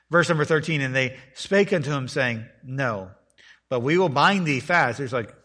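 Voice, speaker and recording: Preacher, male, bright forceful voice, reads scripture then unpacks it conversationally. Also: medium pitch, animated, moderate pace, slightly rough. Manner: reads scripture aloud then explains it in casual plain words; acts out the lines of the people in the text. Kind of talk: expository Bible teaching to a group.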